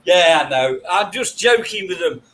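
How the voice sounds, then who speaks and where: A man's voice: high voice, lively intonation, moderate pace, a bit bright, a little hiss or hum, low-quality recording. A man from England with a Nottingham accent, joking around as host of a casual live chat. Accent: Nottingham English. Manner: joking, dialect grammar.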